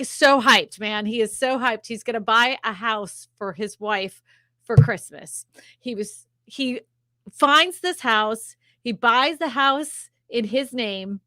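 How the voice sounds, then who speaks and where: A woman's voice: a little high, bright, forceful tone, no echo, clean studio sound. A middle-aged woman hosting a casual livestream, chatty and laughing often as she tells a story. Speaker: host.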